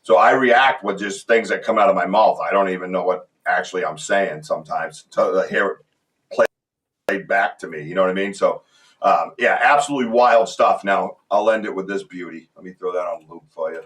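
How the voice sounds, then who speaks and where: A man hosting a podcast in casual chat, excitable and talking in quick restarts. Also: sits low, distant mic. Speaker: podcast host.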